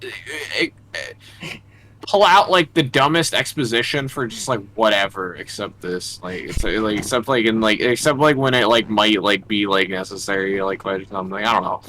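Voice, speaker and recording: A man chatting casually beside a game stream, rambling and halting with many "like" fillers. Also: fairly low pitch, bright, forceful tone, slight background noise, poor audio.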